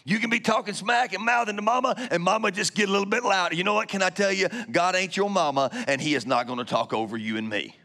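High-voiced preaching man, booming then hushed. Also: fast, vocal fry, hardly any pauses. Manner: dynamic preaching, swinging from loud shouts to hushed whispers; calls out to congregation. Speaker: pastor. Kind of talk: sermon.

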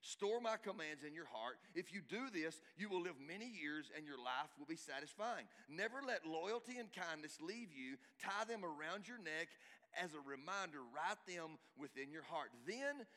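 A middle-aged male pastor, preaching a sermon emphatically, swinging from loud exhortation to hushed asides. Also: fairly high pitch, lively intonation, normal speed. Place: church hall. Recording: reverberant church hall.

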